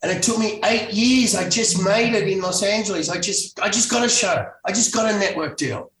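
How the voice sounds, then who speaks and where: Speaking high and bright, a little on the fast side, this Australian actor in middle age rambles through anecdotes as an interview guest, often restarting and correcting himself. A far-off mic picks up plenty of room echo.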